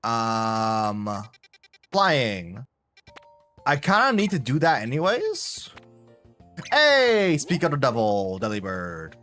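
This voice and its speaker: A man's voice: fairly low pitch, very animated, takes it slowly, a bit bright, faint music behind. A man live-streaming a video game, chatting casually and rambling to his viewers. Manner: chatty, rambling, talks to chat. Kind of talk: casual gameplay commentary.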